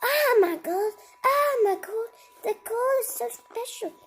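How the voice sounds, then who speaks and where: A woman's voice: very high-pitched, expressive, takes it slowly, voice pushed up, heavily acted. A woman voicing a mean, hungry male giant from a storybook, chanting and squealing. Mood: gleeful.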